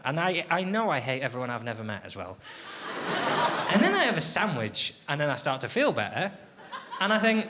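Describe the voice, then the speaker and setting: Grumbling stand-up comedian. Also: male voice, fairly high pitch, sing-song, brisk. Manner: self-deprecating, grumbling, swings from mutters to loud rants. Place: comedy club stage with audience. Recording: live stage recording with audible background noise.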